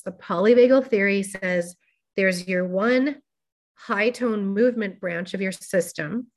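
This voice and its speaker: Woman, workshop presenter, casual explanatory talk, careful gentle delivery, middle-pitched voice. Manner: careful, gently paced explaining with frequent fillers.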